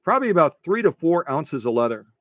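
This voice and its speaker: A man's voice: fairly high pitch, big pitch swings, fast, no room sound. A man restoring sewing machines, talking casually through a stitching demo in his workshop, repeating phrases and breaking into playful mock rants.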